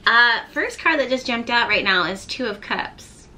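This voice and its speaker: A woman giving a tarot reading to her viewers, gently encouraging them and reading card texts aloud. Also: on the high side, animated, a little slow, slight background noise. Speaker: tarot reader.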